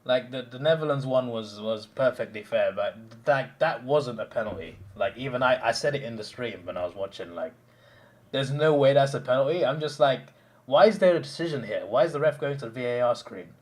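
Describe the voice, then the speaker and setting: A young man hosting a live stream, telling stories in animated casual chat with restarts and bursts of laughter. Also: mid-range voice, a little fast. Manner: animated storytelling, mimicking others, frequent laughs and restarts.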